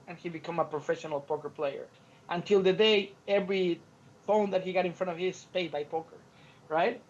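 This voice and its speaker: A man co-hosting a podcast, telling stories in an animated way and acting out the quotes, with frequent restarts. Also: sits high, fairly quick. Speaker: podcast co-host. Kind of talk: casual podcast chat. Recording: lo-fi podcast audio.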